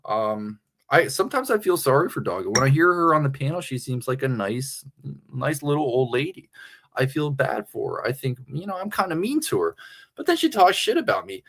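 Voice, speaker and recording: A man hosts a casual livestream with a little drink in him. He talks crudely in a rambling way and laughs often. His voice sits at an ordinary middle pitch. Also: sing-song, brisk, fairly bright tone. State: slightly tipsy. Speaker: livestream host.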